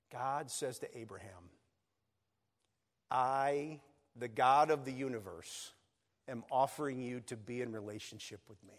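A man preaching a sermon as pastor, earnest and building to emphatic peaks. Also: mid-range voice. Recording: long reverb of a church hall.

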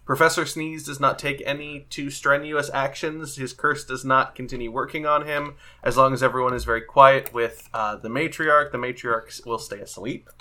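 Bright-voiced male game master. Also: medium pitch, normal speed, few pauses. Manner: relaxed, laughs often. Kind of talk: narrating a tabletop game.

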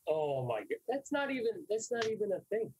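A man's voice: high voice, big pitch swings, darkish tone, slight background noise, poor audio. A man trading jokes in casual comedy podcast banter, teasing his co-host and chasing punchlines. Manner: teasing, chases punchlines with quick jabs.

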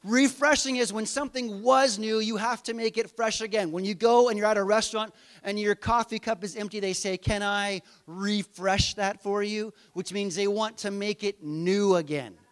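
A man's voice: high-pitched, steady tone, brisk. A middle-aged man preaching a conversational sermon, asking his listeners rhetorical questions. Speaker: pastor.

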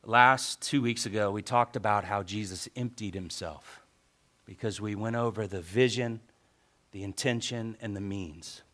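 A man preaching a sermon as pastor, telling a story lively and acting out his own grumbling thoughts. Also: fairly low pitch, measured pace.

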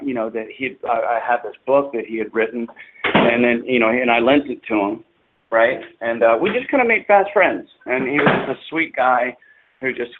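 A middle-aged man co-hosting a podcast, talking in a rambling casual way with lots of fillers and restarts. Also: mid-range voice. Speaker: podcast co-host. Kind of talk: casual chat. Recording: tinny phone line with faint noise.

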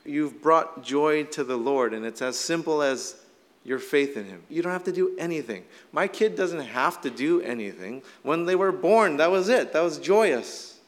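A middle-aged man, a little hoarse from shouting, preaching a casual, conversational sermon full of "like" fillers. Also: a little high, animated, normal speed. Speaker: pastor. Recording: long hall reverb.

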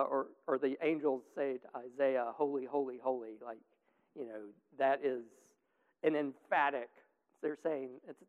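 This man's voice is fairly high, clear and resonant as he loosely steers a Bible study group, filling his talk with ums and tangents. It comes through a thin, phone-like line that rings with lengthy reverb.

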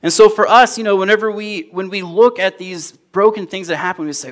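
A young adult man preaching a sermon as pastor, in a conversational storytelling manner that grows animated in anecdotes. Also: sits high, brisk, hardly any pauses.

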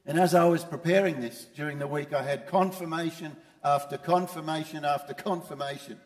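A man's voice: a little high, fairly even intonation, a little fast, in a large hall. A man preaching a sermon as pastor, emphatic and repeating his key phrases. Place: church.

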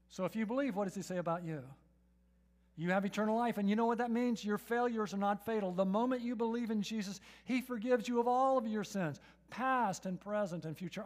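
High-voiced man preaching a sermon. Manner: emphatic, asks the audience questions and repeats "right?"; rises to loud, urgent peaks and drops to soft, intimate tones.

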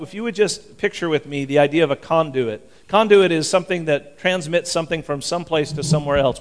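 With a fervent, animated delivery full of restarts, a male pastor preaches conversationally in a church. His voice runs on the high side.

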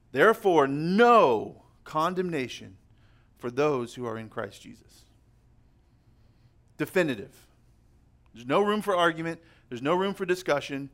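A young man delivers a sermon as a pastor, his voice sitting a little high for a man. He preaches emphatically, slowing down to press on the words that matter. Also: a bit bright. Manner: emphatic, slows down to stress key words.

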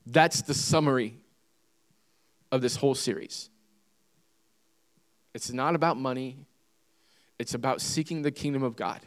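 With a mid-range voice and a measured pace, a preacher pauses often as he reads scripture during his sermon. He is emphatic, repeating key phrases and questioning his congregation.

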